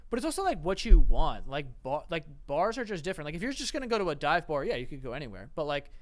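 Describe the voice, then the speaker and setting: Lively, expressive man chatting. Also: fairly high pitch, fast talker. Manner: expressive, lots of "like", playful. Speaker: podcast co-host. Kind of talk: casual chat.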